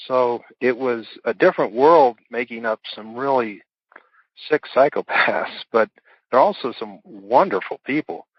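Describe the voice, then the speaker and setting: A middle-aged author appears as a guest in a casual interview, rambling through stories with fillers and chuckles. His voice is on the low side, and the audio is dull, dry, and lo-fi with no room sound.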